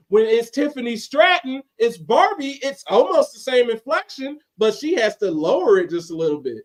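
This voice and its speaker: A man co-hosting a casual wrestling podcast, talking in an animated, rambling way and restarting his sentences. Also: very high-pitched, normal speed, few pauses. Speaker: podcast co-host.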